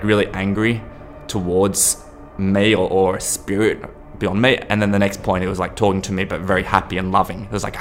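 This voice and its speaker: A man with a very deep voice recounts a personal experience. He talks haltingly, breaking off and restarting his sentences. Soft music runs quietly behind him. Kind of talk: personal anecdote.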